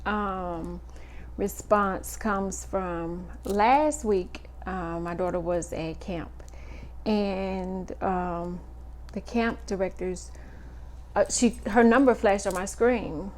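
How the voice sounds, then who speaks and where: A woman in her thirties, a mother, talking through a personal story slowly with many fillers and pauses. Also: mid-range voice, a little hiss or hum. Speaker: mother vlogger. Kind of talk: personal reflective monologue.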